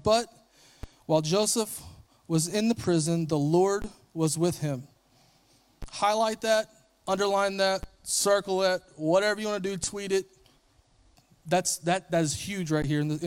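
A man preaching a sermon, retelling a story in a casual, conversational way and briefly acting out the characters. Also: high-pitched.

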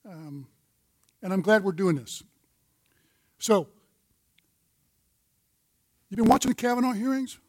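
An older man with a high voice gives a sermon-style Bible lesson to a group of men. He tells a story in a folksy way and cites scripture as he goes. The sound is dry and close. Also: animated, slow, long pauses, darkish tone, no echo. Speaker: men's group teacher.

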